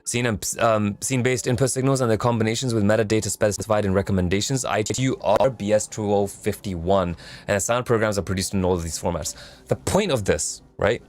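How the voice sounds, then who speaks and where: A man's voice: on the low side, a little fast. A young man hosting a music production stream, casually reading a technical document aloud and explaining it in plain words to his viewers. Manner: chatty, asks the audience, reads aloud then paraphrases.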